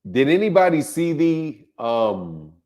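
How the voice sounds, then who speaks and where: A man's voice: on the high side, big pitch swings, slow pace, darkish tone. Casual male boxing stream host. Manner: casual, laughs often, greets chatters by name. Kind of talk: live stream chat with viewers.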